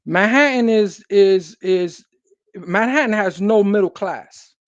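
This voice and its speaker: A man's voice: sits high, slow, no echo, muffled recording. A man, talking casually and emphatically in street slang as a guest. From New York City. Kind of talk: casual conversation.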